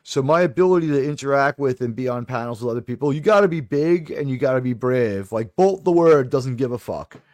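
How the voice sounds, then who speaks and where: A man's voice: mid-range voice, expressive, fairly quick, few pauses, a little mellow, dry recording. A middle-aged man with a New York accent, chatting casually with viewers as a live stream host, rambling and restarting his sentences. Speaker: livestream host.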